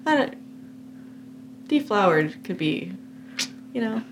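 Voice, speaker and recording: A woman in her twenties, a podcast guest, telling her story in a relaxed, candid way with loose fillers. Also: mid-range voice, slow pace, slight background noise. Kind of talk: casual conversation. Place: home basement podcast room.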